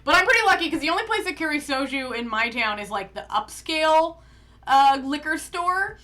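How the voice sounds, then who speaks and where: Her voice is high, pushed, and bright, with lively intonation and a fairly quick pace. She's a young Canadian streamer co-host with a slight lisp, reading chat aloud and chatting casually into a streaming mic.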